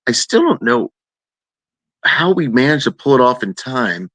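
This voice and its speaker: Male guest, middle pitch, chatty storyteller who acts out the quotes, dry close sound. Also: a little slow, dry recording. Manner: animated, acts out quoted voices in a higher pitch. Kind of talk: casual storytelling.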